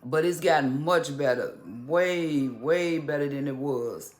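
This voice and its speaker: A man talking casually to camera in a vlog, halting and restarting, with occasional stutters. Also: fairly high pitch. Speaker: vlogger.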